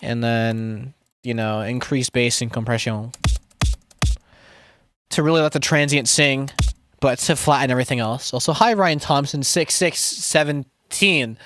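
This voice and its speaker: A young music producer with a mid-range, fairly bright voice talks at normal speed, pausing often. Live-streaming while he produces, he chats casually with viewers, rambling, swearing a lot, mocking himself and restarting sentences constantly.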